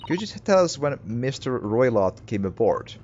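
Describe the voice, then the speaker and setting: A man's voice: mid-range voice, moderate pace, close to an everyday voice. A man voicing a courteous, earnest young male student in a game, speaking formally. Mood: polite. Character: polite young male law student, eager. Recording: slightly muffled, steady hiss behind.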